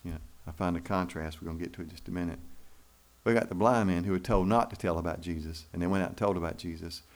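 Deep-voiced pastor preaching. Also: male voice, quick pace. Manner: folksy, preaching with rising emphasis and rhetorical questions. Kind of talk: sermon. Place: church.

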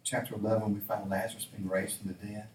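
A man's voice: fairly low pitch, fast, recorded from a distance, a little hiss or hum. A man preaching a sermon, acting out the lines of the figures in the story with changing voices. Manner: animated, acts out dialogue in changing voices. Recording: roomy echo, voice from off-mic.

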